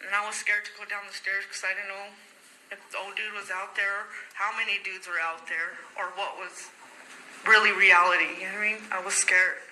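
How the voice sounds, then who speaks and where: A woman's voice: mid-range voice, flat delivery, normal speed. Woman giving a rambly recorded statement, says "you know what i mean" nonstop, echoey old tape with lots of noise. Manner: shifts into quoted voices of others. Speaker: interviewee. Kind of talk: recorded statement, recounting events. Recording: echoey archival recording with loud background noise.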